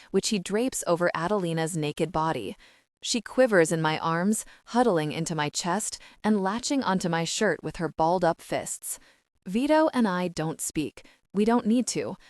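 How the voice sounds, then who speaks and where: Low-voiced woman narrating an audiobook. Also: dry recording, clean studio sound. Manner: steady, intimate, measured reading. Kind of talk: scripted first-person narration.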